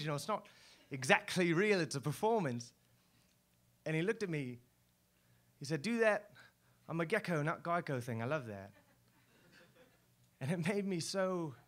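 A man's voice: on the high side, fairly bright tone. A man voicing a chatty male lizard mascot, in a rambling, self-mocking spoken word performance on a club stage. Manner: breezy, rambling, self-mocking, full of fillers. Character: chatty male lizard mascot, showbiz-proud, secretly lonely. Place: live stage at a poetry club.

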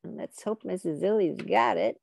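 A woman teaching a children's music lesson online, leading call-and-response singing in an animated, coaxing way. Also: on the low side, normal speed, creaky.

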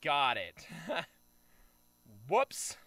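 A man's voice: on the high side, wildly swooping pitch, extremely slow, no echo. A man giving casual let's-play commentary as a gaming video creator, chatty and self-mocking, trash-talking the game as he plays. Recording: loud game music behind.

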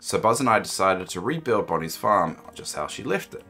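A man's voice: deep voice, very animated, brisk, pushed and bright, faint music behind, exaggerated voice. Woody, a man doing a folksy cowboy toy drawl. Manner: drawling put-on cowboy twang. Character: folksy male cowboy toy sheriff, friendly. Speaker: streamer reading game dialogue in character.

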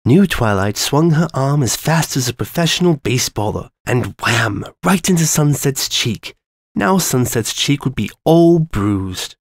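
A man reads a dark story aloud in a measured, ominous way. His pitch sits in the middle of the range, and the close recording has no room sound. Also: lively intonation, dry recording. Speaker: story reader. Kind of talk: dramatic reading of a dark fan story.

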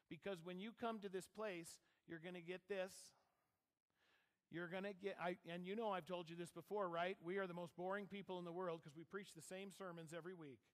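A fairly high-voiced male pastor gives a sermon with an easy, conversational delivery, checking in with the congregation as he goes. His voice carries a long reverb from the church hall around him. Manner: conversational, asks the congregation questions. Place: church sanctuary.

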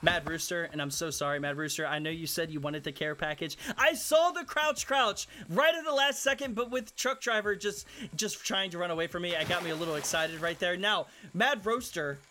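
A high-pitched man narrates his own gameplay, muttering low one moment and shouting at players the next. Clear background noise and game clicks sit under his voice. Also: a little fast, few pauses. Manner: animated, swings between low muttering and loud shouts at players. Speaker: gaming YouTuber hosting hide and seek. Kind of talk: excited gameplay commentary.

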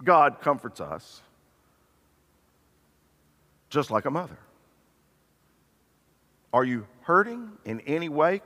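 An older man preaching a sermon, swinging between loud, emphatic passages and hushed, tender ones. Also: mid-range voice. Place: church sanctuary. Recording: reverberant church hall.

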